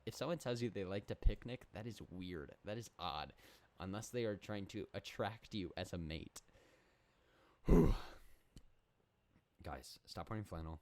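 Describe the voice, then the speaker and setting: A young man delivers a comedic solo monologue with mock-serious confidence. He rambles, doubles back and corrects himself. His voice sits on the low side. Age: young adult. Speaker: podcast host.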